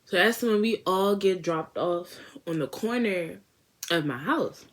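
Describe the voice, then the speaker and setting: A young woman tells a storytime to her viewers in a lively, slangy way. Her speaking voice sits a little low, and she keeps jumping into quoted voices of her friends. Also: a little slow. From Washington, D.C. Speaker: beauty vlogger. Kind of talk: casual storytime.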